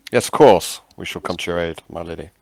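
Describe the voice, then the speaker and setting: Gravelly, hesitant man at a game table. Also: low-pitched, fast, darkish tone, no echo. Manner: hesitant, stammering. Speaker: player. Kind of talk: casual chat at a game table.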